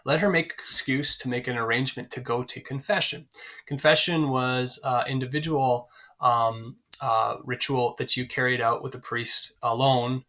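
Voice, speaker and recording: A man teaching a play in a casual, conversational way, pausing often with fillers as he looks for lines. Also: medium pitch, pushed and bright. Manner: conversational, many fillers, pauses to find lines. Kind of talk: explaining a play to students, casual.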